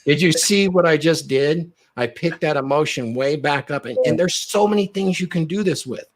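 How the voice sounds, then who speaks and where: A man talking as a dating coach on a podcast, animated and acting out little scenes as he explains. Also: on the high side, normal speed. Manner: animated, acts out quoted lines. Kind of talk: podcast chat.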